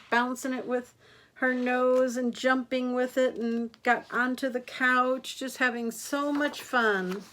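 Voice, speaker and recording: An older woman, a grandmother, reading picture books aloud to children in a gentle, expressive way, gasping and asking them questions. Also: fairly high pitch, a little hiss or hum. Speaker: grandmother storyteller.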